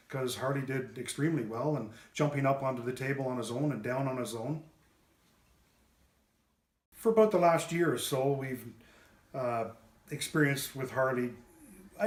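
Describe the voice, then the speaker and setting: A man tells his story in a plain, mid-pitched voice. He pauses often and restarts his sentences, filling the gaps with fillers. The room around him is bare and roomy, so his voice echoes. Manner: halting, with many fillers and restarts. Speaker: pet owner giving a testimonial. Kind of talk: unscripted testimonial. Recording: roomy echo.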